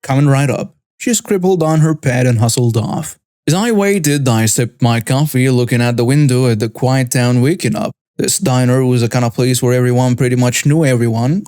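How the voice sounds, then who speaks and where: A man reads first-person stories in a plain, matter-of-fact scripted narration. His voice sits at an ordinary middle pitch. The close mic gives a dry, roomless sound. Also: a little mellow, no echo. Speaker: story narrator.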